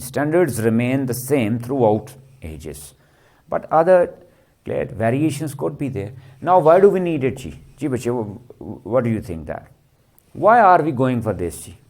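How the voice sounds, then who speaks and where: A man with a mid-range, slightly mellow voice gives a literature lecture, constantly quizzing the class with rhetorical questions and tagging them with "ji".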